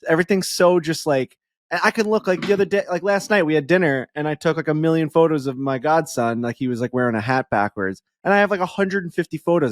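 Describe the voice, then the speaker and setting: A man's voice: a little high, fast, dry recording. A man co-hosting a podcast in casual chat, telling stories with lots of fillers and acting out what others said. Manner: animated storyteller, filler-heavy, acts out quotes. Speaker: podcast co-host.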